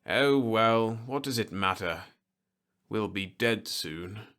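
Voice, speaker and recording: A man's voice: on the low side, expressive, takes it slowly, a bit bright, clean tone, full character voice. Man reading as a worn-out pampered city guy, whiny and kinda snooty, voice swings up and down. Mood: listless, gloomy. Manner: listless, plaintive, mildly haughty. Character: frail, pampered, weary young city man. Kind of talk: storybook reading.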